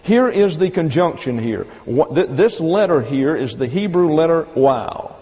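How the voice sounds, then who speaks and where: A male Bible teacher works through his point step by step, slowing to stress each quoted phrase. His voice sits a little high but sounds mellow and dark. A long reverb from the hall trails behind him. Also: lively intonation. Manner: methodical, step-by-step explaining, slow emphatic quoting. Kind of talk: evening Bible lesson.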